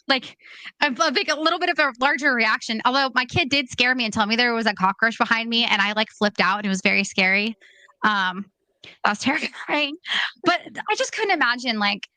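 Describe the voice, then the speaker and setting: Woman, podcast host, casual chat, expressive, dry close mic. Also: fairly high pitch, dry recording. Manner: expressive, reacts with sympathy.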